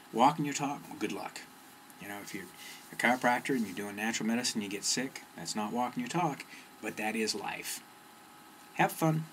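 A man's voice: mid-range voice, a bit bright, low-quality recording. A middle-aged man telling a story in a casual, rambling way, full of fillers and restarts. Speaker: personal development speaker. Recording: faint background noise.

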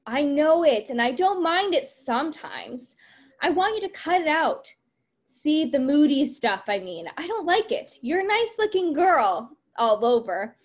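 A woman's voice: high-pitched, sing-song, measured pace, pitched above the performer's own voice. A woman reading aloud the lines of a dismissive young man who looks down on serious talk.

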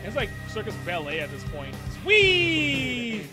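A man giving live reaction commentary on a movie as a reviewer, excitable and profane, with frequent exclamations. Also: very high-pitched, takes it slowly, music in the background.

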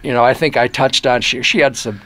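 An older man with a Michigan accent tells stories from his reporting days in an unhurried, chatty way. He slips into quoted voices and jumps in pitch as he acts them out, and he restarts sentences often. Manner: animated storyteller who acts out quoted voices. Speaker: interview guest, former newspaper reporter. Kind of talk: casual storytelling in an interview.

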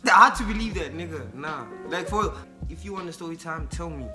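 A young man talks in a high, loose voice, full of slang and filler words as he chats and rambles. Music plays clearly under him. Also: expressive, a little fast. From South Africa. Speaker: YouTuber host. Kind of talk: casual chat and prank call.

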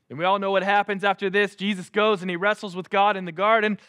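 A man's voice: high-pitched, flat delivery, quick pace, hardly any pauses, sharp tone, clear, resonant tone. A man preaching a casual sermon as a pastor, joking and acting out Bible figures in playful voices.

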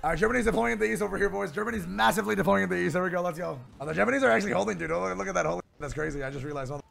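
A man streaming a strategy game, chatting excitedly and playing at diplomacy with the other players. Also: high voice, very fast, creaky. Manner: excitable, swears, calls others "my friend". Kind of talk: casual gaming chat with mock diplomacy.

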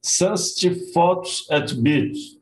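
Slow hesitant Brazilian student, echoey room. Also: male voice, high-pitched, steady tone. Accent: Brazilian Portuguese. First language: Portuguese. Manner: hesitant, reads answers slowly.

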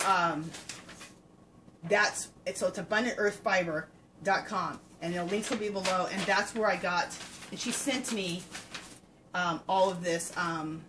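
A woman's voice: medium pitch, bright, forceful tone, slight background noise, low-quality recording. A woman hosting a fiber-craft podcast, chatting casually and enthusiastically to viewers with plenty of ums. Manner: gushing, enthusiastic, full of filler words. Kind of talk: casual show-and-tell chat to viewers.

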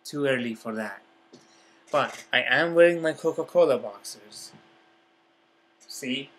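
A man chats slowly and happily through an eating vlog, with a slightly husky voice. He talks with his mouth full and keeps breaking into mm sounds of enjoyment. His pitch sits in the middle for a man. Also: a bit bright. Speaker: vlogger.

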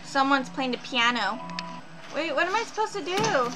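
A woman's voice: high-pitched, expressive, normal speed. A woman streamer reacting to a horror game, jumpy and exclaiming, talking to herself as she plays. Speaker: gaming streamer. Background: game music.

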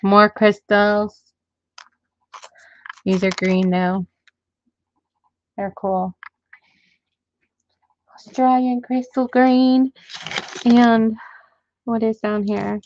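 A woman's voice: fairly high pitch, fairly even intonation, extremely slow, long pauses, mellow. Chatty woman on a dull lo-fi stream. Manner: chatty, counting items aloud to viewers. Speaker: live seller unboxing jewelry. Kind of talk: casual live-sale chat. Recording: dull lo-fi audio with faint noise.

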